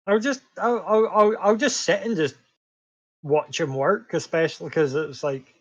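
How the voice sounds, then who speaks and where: A man's voice: sits high, steady tone, a little slow, dry recording. A man playing a tabletop game, easygoing and hesitant, on a dull lo-fi mic. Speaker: player. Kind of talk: casual tabletop play.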